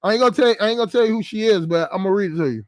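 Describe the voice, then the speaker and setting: A man's voice: sits high, racing, a little mellow, dry recording. A man hosting his channel in a casual vlog monologue, rambling and profane, restarting and repeating phrases. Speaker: channel host.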